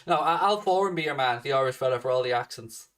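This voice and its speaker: A man's voice: mid-range voice, lively intonation, fast talker, a bit bright. Man, fan channel host, blunt and sweary, casual Q&A chat, mic a bit distant. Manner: blunt, sweary, answers viewer questions.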